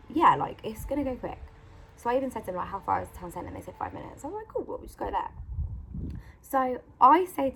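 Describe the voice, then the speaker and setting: This woman's voice is fairly high and creaky, carrying a slight hiss or hum. Filming herself outdoors in the sun with a phone at arm's length, she shares encouragement through a chatty story packed with "like" and "you know," voicing the other characters.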